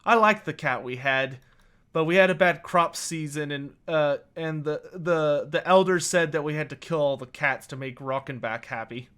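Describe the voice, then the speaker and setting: A shy teenage boy, starstruck and stumbling over his words, played by a man in a tabletop game. The voice sits high and bright, and the boy trips over his words as he rushes to speak. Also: smooth, lightly acted. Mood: nervous, eager. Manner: stammering, nervous and eager.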